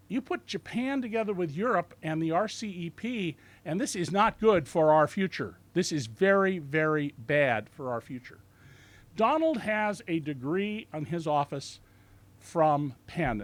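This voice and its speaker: A man in his sixties lectures an audience in a bookstore, his voice sitting high for a man. He tells his stories with a sardonic bite and mimics the people he quotes to mock them. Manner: lively, sardonic storytelling with mocking quoted voices. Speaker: author giving a bookstore talk. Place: bookstore event room.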